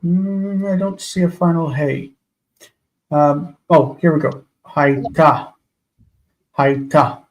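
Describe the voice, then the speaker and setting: Guy teaching a live class, slow and patient, spells out sounds bit by bit, a little higher voice. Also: dark tone, slight background noise, poor audio. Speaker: Hebrew teacher.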